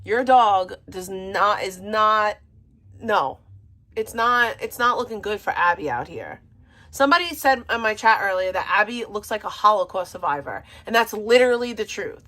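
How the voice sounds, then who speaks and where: A woman's voice: mid-range voice, expressive, moderate pace, sharp tone. A woman giving casual, blunt reaction commentary with a sarcastic edge. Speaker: reaction streamer.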